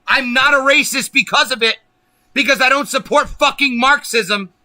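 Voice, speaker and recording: A man's voice: very high voice, normal speed, sharp tone, dry recording. Angry, profane man ranting. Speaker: livestream host. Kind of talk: ranting political livestream.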